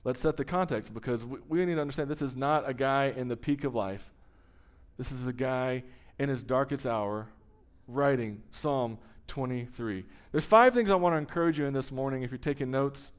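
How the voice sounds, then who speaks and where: A pastor preaching a sermon, telling a story with emphasis and slowing down for dramatic pauses. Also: male voice, medium pitch, clear, resonant tone.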